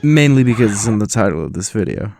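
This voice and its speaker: A man's voice: fairly low pitch, very animated, quick pace, gravelly, a little mellow, faint music behind. A man hosting a comedy video, delivering a profane, over-the-top rant of mock outrage. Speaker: comedy YouTuber host.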